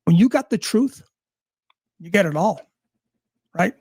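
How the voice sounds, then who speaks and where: A man's voice: high-pitched, animated, measured pace, darkish tone, slightly rough, no echo, clean studio sound. A man ranting angrily and sarcastically, swearing at almost every turn. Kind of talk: profane rant.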